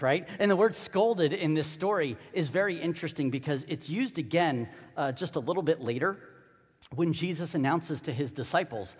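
A man preaching a sermon as pastor, swinging between hushed asides and loud, fervent stretches. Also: a little high, animated, moderate pace, breathy edge. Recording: long reverb of a large hall.

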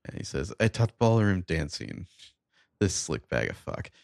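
A man's voice: low voice, a little slow, creaky, no room sound, clean studio sound. A man co-hosting a podcast, recapping a TV episode in a sardonic, profane casual chat. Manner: sardonic, profane, reads quoted dialogue flatly.

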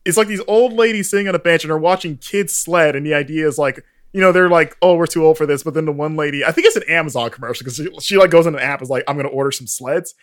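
A man hosting a podcast, upbeat and animated, laughing often as he retells things. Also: a little high, quick pace, few pauses. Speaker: podcast host. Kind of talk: casual podcast chat.

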